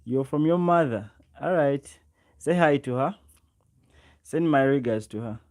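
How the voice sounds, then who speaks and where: A man from Uganda with a medium-pitched, darkish voice chats unhurriedly with viewers on a casual livestream, using his own close microphone. He calls out viewers by name and repeats his words a lot.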